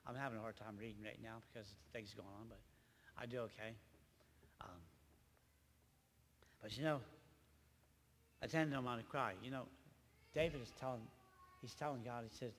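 An older man giving an emotional personal testimony at a church gathering, speaking haltingly and often repeating his words. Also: medium pitch, steady tone, fairly bright tone. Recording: reverberant hall, faint background noise.

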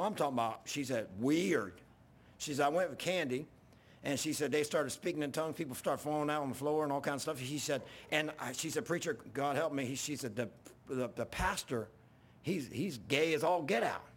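A male pastor preaching a sermon in a church, telling folksy stories and rising to yelling when worked up. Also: a little high, slight background noise. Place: church sanctuary.

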